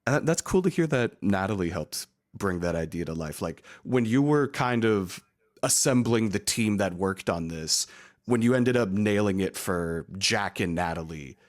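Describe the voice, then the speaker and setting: A young man hosting a casual interview, an eager fan quick to agree. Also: lowish voice, animated. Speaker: interview host.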